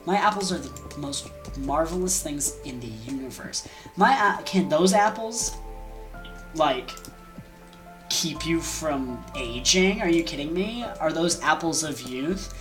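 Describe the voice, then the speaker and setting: A woman's voice: sits low, animated, slow pace, music in the background. A woman voicing a proud, short-tempered goddess who scoffs and swears indignantly.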